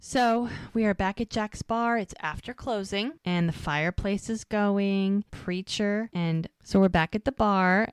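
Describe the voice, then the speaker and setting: A woman's voice: on the low side, smooth, no room sound, clean studio sound. A woman co-hosting a podcast, chatting casually and retelling the scenes by acting out the characters' lines. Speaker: podcast co-host. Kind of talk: casual recap chat.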